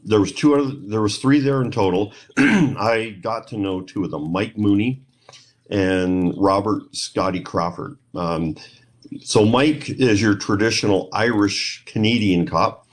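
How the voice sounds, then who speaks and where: A middle-aged man speaks in a fairly low voice as an interview guest. He tells a long story in a rambling way. He acts out the other people in it as he quotes them. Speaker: guest, paranormal investigator.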